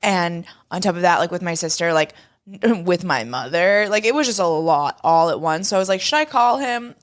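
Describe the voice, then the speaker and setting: A young woman co-hosting a casual podcast, telling a story with lively, animated delivery and acting out what she said at the time. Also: fairly low pitch, moderate pace. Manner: animated storytelling, acts out her own past lines. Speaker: podcast co-host. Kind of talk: casual chat.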